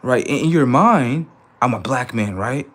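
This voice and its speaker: A man hosting a livestream, ranting in a preachy, confrontational way and talking back to his chat, swinging from loud outbursts to low mutters. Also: lively intonation, a little slow. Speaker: livestream host. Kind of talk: casual livestream rant.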